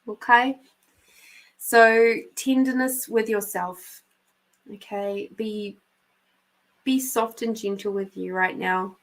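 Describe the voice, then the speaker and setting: A woman with a mid-range voice and a New Zealand accent, from New Zealand, hosts a live stream giving intuitive card readings. She's chatty and affectionate, addressing viewers by name, and the recording is rough.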